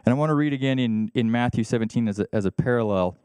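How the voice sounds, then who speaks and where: Male pastor, conversational sermon delivery, smooth resonant voice, dry close sound. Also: mid-range voice, fast, darkish tone, dry recording. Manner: conversational, reads scripture aloud. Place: church service.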